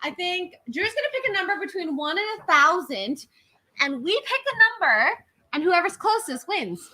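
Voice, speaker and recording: A woman's voice: very high-pitched, very animated, moderate pace, bright, forceful tone, poor audio. A woman explaining game rules plainly in casual chat.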